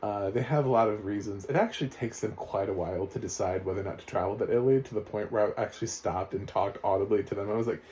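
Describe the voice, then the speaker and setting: Rich: a low-voiced man with a dark, mellow tone rambles through a sarcastic movie review, chuckling as he goes. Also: fast talker, hardly any pauses, a little hiss or hum. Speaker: film reviewer. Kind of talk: casual spoken review.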